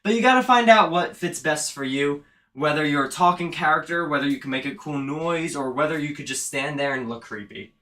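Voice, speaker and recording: Bright-voiced man rambling casually. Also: a little high, a little fast. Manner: rambling, self-aware. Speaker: vlogger and haunt actor. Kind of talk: casual chat. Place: indoors, setting up an animatronic.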